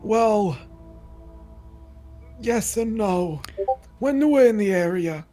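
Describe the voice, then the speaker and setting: Someone doing a slow, soothing old grandpa. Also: mid-range voice, expressive, mellow, soft background music. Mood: placating. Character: soft-spoken elderly grandfather gangster.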